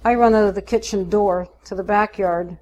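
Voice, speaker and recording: A woman narrating a first-person story in a steady, unhurried way. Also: mid-range voice, highs cut off.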